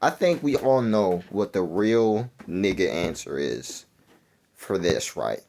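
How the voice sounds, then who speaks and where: A young man talking through a video game quiz in casual, rambling commentary, mumbling and then jumping into excited outbursts. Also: low voice, slow, vocal fry, a little hiss or hum. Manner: rambling, self-correcting, swings between mumbling and excited outbursts. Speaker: gaming YouTuber.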